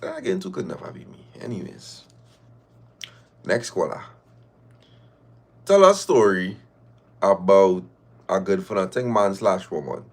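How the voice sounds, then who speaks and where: A man's voice: low voice, animated, measured pace, gravelly, long pauses, husky. A man, hosting a live show and reading listener stories aloud with laughing, mock-outraged asides.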